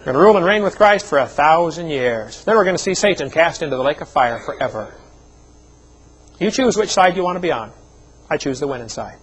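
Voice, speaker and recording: A man's voice: fairly high pitch, animated, a little fast, breathy edge, poor audio. A middle-aged man preaching a seminar sermon, telling personal stories in a folksy way with joking asides. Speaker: evangelist speaker.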